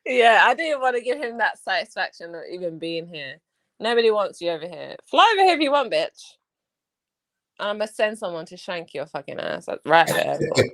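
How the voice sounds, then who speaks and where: A woman's voice: mid-range voice, big pitch swings, a little fast, a bit bright. A woman with a South London accent in a blunt, profane casual chat, mimicking others as she talks. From England. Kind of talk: casual live-stream chat.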